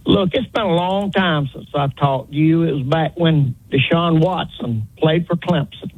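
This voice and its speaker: A man's voice: fairly high pitch, normal speed. An older man calling a radio show, polite and folksy, calling the host sir. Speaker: caller. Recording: tinny phone line.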